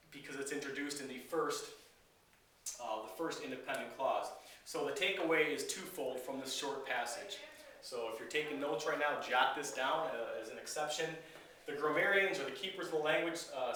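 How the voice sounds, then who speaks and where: A man, an English teacher, giving a recorded grammar lecture in a relaxed, explanatory way with frequent fillers. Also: fairly high pitch, slight background noise. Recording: very echoey room, voice from a distance.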